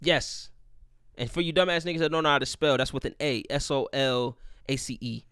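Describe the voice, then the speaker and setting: A man's voice: mid-range voice, brisk, a bit bright, clear, resonant tone, no room sound, studio quality. A young man hosting a casual solo podcast, rambling and profane, joking at his own expense. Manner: profane, rambling, self-deprecating. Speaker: podcast host.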